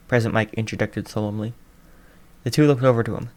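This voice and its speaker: Man calmly reading a story aloud. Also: fairly low pitch, brisk, long pauses. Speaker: fan fiction reader. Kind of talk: audiobook narration.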